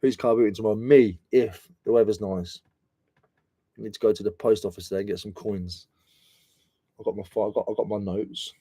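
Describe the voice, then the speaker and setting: A man's voice: lowish voice, fairly even intonation, brisk, long pauses, warm tone, slightly rough, no room sound. A British man chatting casually and slangily on a reselling live stream, mocking himself as he goes. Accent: British English. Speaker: reselling vlogger.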